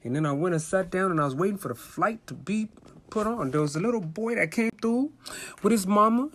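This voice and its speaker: Young man from D.C., casual comic storyteller, lively pitch, does voices. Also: fast talker. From Washington, D.C. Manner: animated, acts out voices with high squeals.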